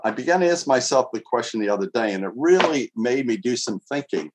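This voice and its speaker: A man's voice: mid-range voice, animated, brisk, background noise. A man preaching a sermon in an earnest, conversational way, asking his listeners rhetorical questions and reading scripture aloud. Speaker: pastor. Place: outdoors in winter.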